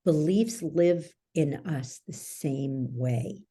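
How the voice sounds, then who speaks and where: A woman's voice: sits low, very slow, dark tone, slightly rough. A woman who is a guest coach, explaining ideas in an interview, telling stories and checking in often with the listener. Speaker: guest, belief-change coach.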